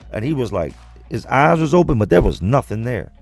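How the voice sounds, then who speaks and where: A man's voice: medium pitch, sing-song, a little fast, creaky, darkish tone, no room sound, faint music behind. A man hosting a livestream, telling a story to his viewers in a blunt, profane, conversational way. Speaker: livestream host reading comments.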